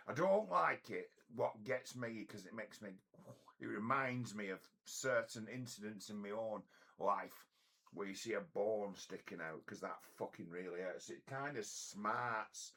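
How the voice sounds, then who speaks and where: A man's voice: on the low side, creaky, pushed and bright, breathy edge. A middle-aged man tells a story in a blunt, profane, rambling way, often restarting his sentences. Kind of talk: casual storytelling monologue.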